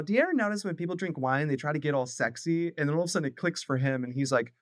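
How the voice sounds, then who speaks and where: A man co-hosting a casual movie podcast, retelling scenes with lively put-on character voices. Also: a little high, very fast, hardly any pauses, no echo, clean studio sound. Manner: animated retelling, acting out character lines. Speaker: podcast co-host.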